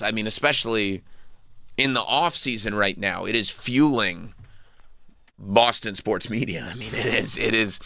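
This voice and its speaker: A man hosts a radio talk show, rambling through sports chat with a joking edge. His voice is bright and forward. The studio sound is dry and close. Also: no room sound. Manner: rambling, jokey, breaks into high-pitched mocking impressions.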